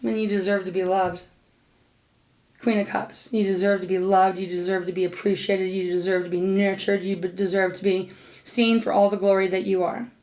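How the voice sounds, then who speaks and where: A woman's voice: mid-range voice, little pitch movement, normal speed, a little mellow. A woman giving an unscripted tarot reading, talking earnestly and emotionally to the viewer and aloud to Spirit, with the odd casual swear. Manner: talks aloud to Spirit between cards. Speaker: tarot reader.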